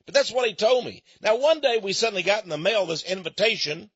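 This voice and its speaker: High, lively-voiced man with a husky edge. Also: quick pace, dry recording, muffled recording. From Texas, USA. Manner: chatty storyteller, chuckling asides. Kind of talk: folksy monologue.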